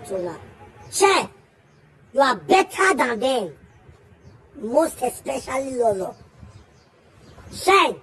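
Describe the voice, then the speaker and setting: A woman's voice: high voice, sing-song, slow pace, pauses often, fairly bright tone, breathy edge. A Nigerian woman giving an emphatic, scolding spoken message, firing off repeated questions. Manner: scolding, defending a friend. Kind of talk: casual spoken message to the camera.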